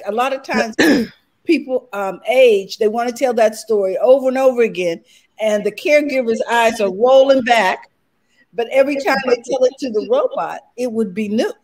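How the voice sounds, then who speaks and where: Woman host, high voice, chatty and storytelling. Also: a little mellow. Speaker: show host. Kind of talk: casual panel discussion.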